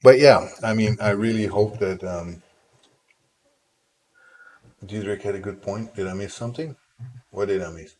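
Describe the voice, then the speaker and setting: A man's voice: fairly low pitch, a little slow, pauses often, darkish tone. A man developing a game live on stream, chatting in a rambling, playful way with his viewers. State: tickle in the throat. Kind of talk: casual live-stream chat.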